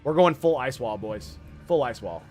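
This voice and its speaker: A man giving live gameplay commentary as a streamer, excitable and quick to swear and rant in exasperation. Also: medium pitch, faint music behind.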